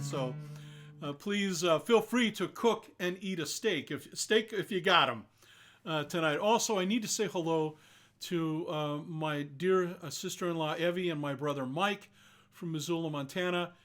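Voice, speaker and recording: An older man hosting a live online concert, chatting casually between songs and greeting viewers by name. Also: a little high. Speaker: singer-songwriter hosting a live stream concert.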